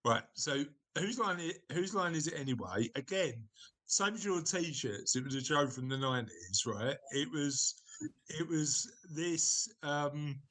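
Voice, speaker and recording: A man's voice: a little high, lively intonation, unhurried, fairly bright tone. A man hosting a podcast chat, teasing and setting up games. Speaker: podcast host. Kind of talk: casual chat.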